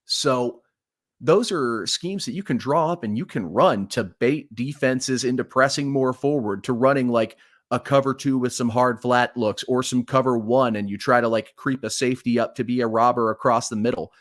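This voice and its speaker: A man co-hosting a sports podcast, calmly explaining football schemes and laughing along easily. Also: mid-range voice, normal speed. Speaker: podcast co-host. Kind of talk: casual sports podcast analysis.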